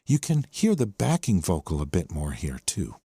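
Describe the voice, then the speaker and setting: A man's voice: low voice, wildly swooping pitch, normal speed, vocal fry, loud music behind the voice. A man hosting a podcast, enthusiastically explaining a song section by section. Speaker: podcast host. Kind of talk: song breakdown commentary. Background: the song playing underneath.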